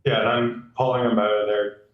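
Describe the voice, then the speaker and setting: Low, offhand man at a game table. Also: little pitch movement, brisk, reverberant, far from the mic, lo-fi sound. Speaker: player. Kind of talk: casual game talk.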